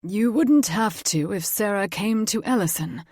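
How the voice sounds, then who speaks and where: A woman's voice: medium pitch, expressive, a little slow, darkish tone, no room sound, studio quality. A woman voicing a pompous, mocking male fae nobleman, a father, speaking with haughty condescension in an audiobook.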